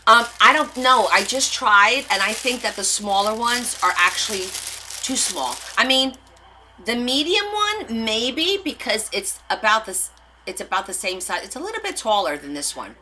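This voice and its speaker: A woman's voice: a little high, big pitch swings, normal speed, sharp tone, a little hiss or hum, rough recording. A woman hosting a live craft stream, chatting casually with her viewers and answering their comments as she demonstrates. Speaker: craft livestream host.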